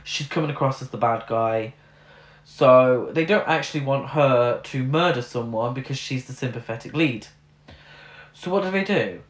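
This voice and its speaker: This man co-hosts a laid-back film review podcast, ranting in exasperation with lots of fillers. He speaks at medium pitch and a moderate pace, and the room echoes noticeably.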